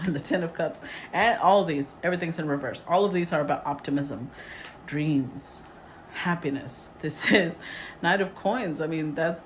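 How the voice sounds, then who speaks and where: A woman's voice: fairly low pitch, a little hiss or hum. Giggly woman doing a tarot reading. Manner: laughs often, chatty, rambling. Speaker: tarot reader.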